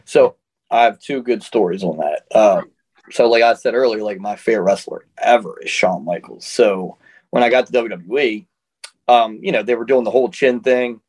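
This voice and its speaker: Casting: relaxed male wrestler, chatty storyteller, easygoing, laughs between stories. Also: lowish voice, normal speed, husky. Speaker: interview guest, professional wrestler. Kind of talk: casual storytelling.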